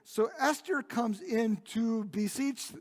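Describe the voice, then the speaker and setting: A man's voice: very high voice, slow pace, a little mellow. A male pastor preaching a sermon, retelling a Bible story in a conversational way with frequent restarts. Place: church sanctuary. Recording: long reverb of a church hall.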